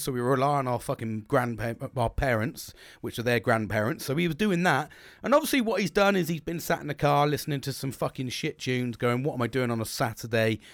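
A man's voice: medium pitch, dry recording, clean studio sound. A man hosting a podcast, talking casually, swearing a lot and rambling with restarts. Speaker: podcast host.

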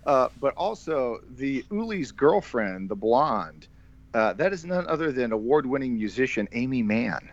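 A man's voice: mid-range voice, very animated, a little slow, dull audio. A man hosting a casual movie podcast, joking around and tripping over his words now and then. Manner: jokey, stumbles and repeats words. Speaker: podcast host.

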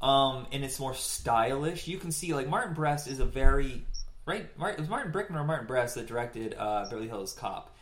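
A man co-hosting a casual movie chat, animated and profane, breaking into squeaky impressions of film lines. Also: fairly quick. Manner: animated, swears freely, acts out movie lines in high squeaky voices. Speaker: podcast co-host.

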